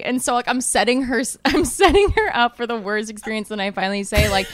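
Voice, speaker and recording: A woman's voice: a little high, sing-song, moderate pace, dry recording. A woman of twenty-three telling personal stories as a guest on a podcast, frank and full of swearing. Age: 20s. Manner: candid storytelling with lots of swearing. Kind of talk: casual podcast chat.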